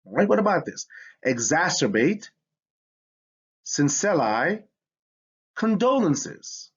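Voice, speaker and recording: Husky guy teaching spelling, big swoopy pitch, dull lo-fi audio. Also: slow pace. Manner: energetic, emphatic, stretches out words to sound them. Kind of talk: classroom spelling lesson. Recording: dull lo-fi sound.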